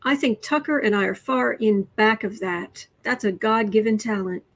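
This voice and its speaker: A woman's voice: a little high, normal speed, rough recording. A woman hosting a casual livestream, reading tarot cards and reacting to the news with musing, trailing thoughts, sardonic asides and occasional dips into a whisper. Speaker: tarot reader and livestream host.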